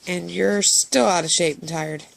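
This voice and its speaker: A woman's voice: fairly low pitch, fairly even intonation, measured pace, creaky. A woman at home talking baby talk to her cats in a casual, cooing way. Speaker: vlogger, pet owner.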